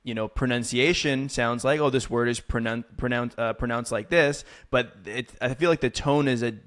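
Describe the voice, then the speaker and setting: A man's voice: mid-range voice, steady tone, moderate pace, fairly bright tone. Curious male podcast host. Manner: curious, asks thoughtful follow-up questions. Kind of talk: casual interview chat.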